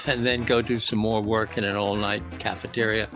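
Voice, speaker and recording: A man's voice: on the low side, level tone, normal speed, music in the background. A man who is the guest on an interview show, telling stories with eager enthusiasm and piling up examples. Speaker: guest author and music producer. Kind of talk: interview storytelling.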